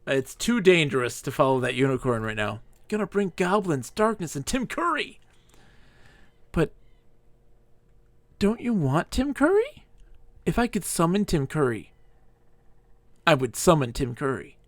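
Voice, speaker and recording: A man's voice: fairly high pitch, very animated, a little slow, pauses often, no room sound. A drunk man streaming a game live, rambling and giggling as he talks, sometimes squealing and sometimes murmuring. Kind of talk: live gameplay commentary.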